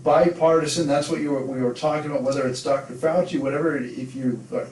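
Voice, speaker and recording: A man co-hosting a podcast who does taxes, telling stories in lively casual chat. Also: fairly high pitch, fast, reverberant, far from the mic, slight background noise, poor audio. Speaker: podcast co-host, tax preparer.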